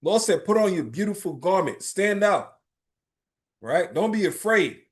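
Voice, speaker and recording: A man teaching a religious class in an informal, emphatic preaching style, often checking in with "right?" and telling lively, streetwise stories. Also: high-pitched, measured pace. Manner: emphatic, keeps asking "right?".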